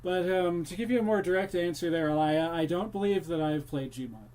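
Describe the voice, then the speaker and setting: Brisk and a little mellow, this fairly high male voice belongs to a young man streaming a horror game. Chatty with his audience while he plays, he keeps sliding into a jokey pirate-ish way of talking.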